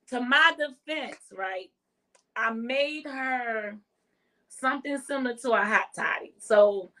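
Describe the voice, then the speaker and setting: A woman, an herbalist guest on a podcast, explaining her remedies with many fillers and soft laughs. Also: on the high side, slow pace, long pauses. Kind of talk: casual chat, explaining remedies.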